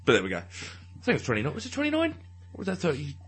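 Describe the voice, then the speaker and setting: A man's voice: a little high, wildly swooping pitch, rapid-fire, a bit bright. A man, chatting casually as a podcast co-host, rambling and swearing and laughing often. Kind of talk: casual banter.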